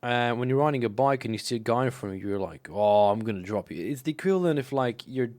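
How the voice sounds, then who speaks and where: A man's voice: medium pitch, fast talker. Rambling, foul-mouthed young man streamer. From Slovenia. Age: young adult. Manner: rambling, profane, animated anecdotes. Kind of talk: casual live-stream storytelling.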